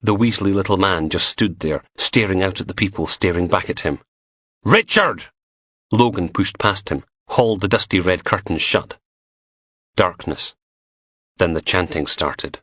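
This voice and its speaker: A man narrating a crime audiobook in an expressive, vivid storytelling manner. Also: low-pitched, moderate pace, no echo, studio quality.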